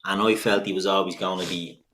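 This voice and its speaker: A man co-hosting a football podcast, talking in a measured, conversational way. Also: low-pitched, fairly even intonation, fairly bright tone. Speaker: podcast co-host. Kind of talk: casual football podcast chat.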